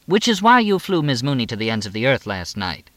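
A chatty police chief, a woman who needles and teases with a lilt , put on by a male narrator. The voice climbs and swoops through a lively range, recorded close and dry in a storybook reading. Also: mid-range voice, a little fast, no room sound. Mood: needling.

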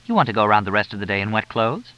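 A man voicing a blunt, bossy older wealthy woman who is a mother and grandmother, talking in a brisk, matter-of-fact way. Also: fairly low pitch, very animated, bright, forceful tone. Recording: dull lo-fi dry recording.

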